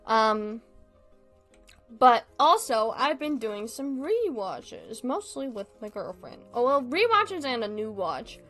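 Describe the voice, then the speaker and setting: A woman's voice: a little high, big pitch swings, slow, a bit bright, faint music behind. A woman streamer in casual livestream chat, rambling along and laughing often.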